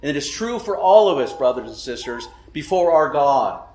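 A man's voice: a little high, sing-song, moderate pace, darkish tone. A man preaching a sermon, emphatic, often asking rhetorical questions and checking in with "right?". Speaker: pastor. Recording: echoey room.

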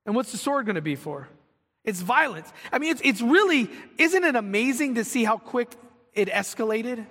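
A man preaching a sermon as pastor, reading scripture aloud and acting out quotes with animated emphasis. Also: high voice, moderate pace, long reverb tail.

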